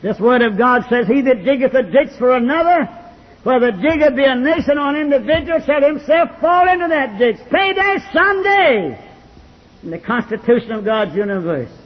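A man preaching a fiery sermon as pastor, with a husky voice. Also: very high voice, lively intonation, moderate pace. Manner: fiery Southern preaching cadence, rising to shouts. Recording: lo-fi archival church recording with long reverb.

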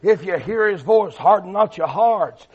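A man preaching a fiery revival sermon, swinging between loud shouting and low, quiet delivery. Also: lively intonation, a little slow, breathy edge. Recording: dull lo-fi recording.

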